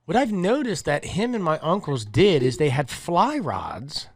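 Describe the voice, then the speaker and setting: A man's voice: on the high side, unhurried, breathy edge, dry recording, clean studio sound. Chatty man telling a rambling story. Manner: rambling, animated storyteller, repeats words, laughs while talking. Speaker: podcast host. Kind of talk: casual chat.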